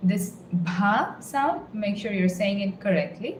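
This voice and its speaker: A woman's voice: mid-range voice, darkish tone, a little hiss or hum. Patient woman teaching a language. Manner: patient, repeats phrases slowly and word by word. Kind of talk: language lesson, explaining and modeling phrases. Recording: roomy with faint ambience.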